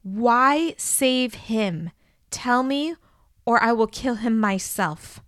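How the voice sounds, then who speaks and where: A woman's voice: a little high, animated, very slow, no echo, clean studio sound. A woman reading a furious, anguished young man. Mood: threatening. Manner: accusing, pleading, voice tight with anger.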